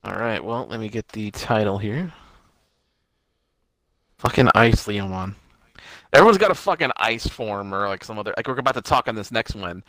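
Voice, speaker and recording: A man's voice: on the low side, expressive, normal speed, pauses often, fairly bright tone, dry recording, low-quality recording. A man co-hosting a podcast, joking and swearing in casual chat as he reads out episode details. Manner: jokey, swears, reads titles out. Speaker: podcast co-host.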